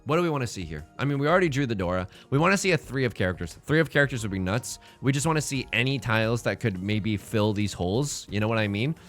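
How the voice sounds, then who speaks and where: A man's voice: medium pitch, quick pace, hardly any pauses, faint music behind. A man streaming a game live, commenting casually with jokes and rambling asides. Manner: joking, animated, rambling asides.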